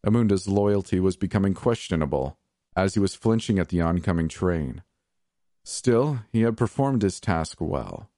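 A man narrating dark first-person fiction in a measured, unhurried way. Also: low-pitched, expressive, dry recording, clean studio sound.

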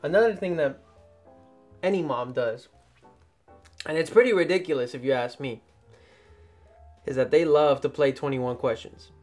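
A young man hosting a casual podcast, telling stories in an animated way and jumping into loud mock voices. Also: a little high, normal speed, pauses often, faint music behind. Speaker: podcast host.

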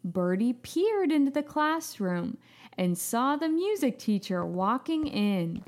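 Slow, lively woman telling children's stories. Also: on the high side. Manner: gentle, playful and upbeat. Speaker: host and narrator of a children's story show. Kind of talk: scripted storytelling for children.

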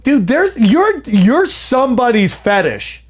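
A man's voice: very high-pitched, sing-song, slow. A male comedian riffing crudely in casual podcast chat.

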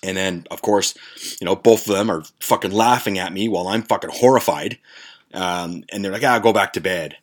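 A man's voice: low voice, normal speed. A man hosting a podcast, telling a story casually in a profane, rambling way with lots of restarts. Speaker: podcast host.

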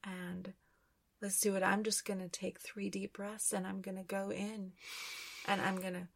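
A woman hosting a podcast, describing inner visions in a slow, dreamy channeling session. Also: medium pitch, little pitch movement, vocal fry, slight background noise. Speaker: podcast host.

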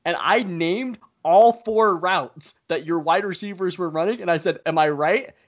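A slightly high-voiced man chatting casually and ribbing his co-host. He tells his stories with animated energy. The audio sounds dull and lo-fi. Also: normal speed. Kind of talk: casual chat.

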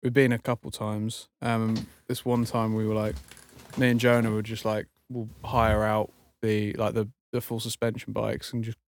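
A man's voice: fairly low pitch, flat delivery, moderate pace, a little hiss or hum. A young man, a podcast co-host, telling a rambling story in casual chat, full of fillers and swearing.

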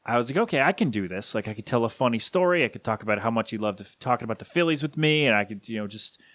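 A man talks alone on his podcast, halting and rambling as grief catches in his voice. His pitch sits at an ordinary middle height. The sound is dry and close, with no room around it. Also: animated, a bit bright, dry recording. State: grieving, voice catching. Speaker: podcast host. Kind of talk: solo podcast tribute.

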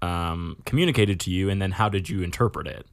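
A man with a lowish voice hosts a casual podcast and keeps asking curious questions. The sound is dry and close. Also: a little fast, no room sound. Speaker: podcast host. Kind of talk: casual chat.

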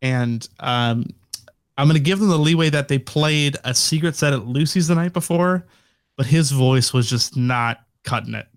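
A man's voice: medium pitch, normal speed, clean tone, dry recording, clean studio sound. A young man co-hosting a podcast in casual chat, rambling with many fillers and restarts. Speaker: podcast co-host.

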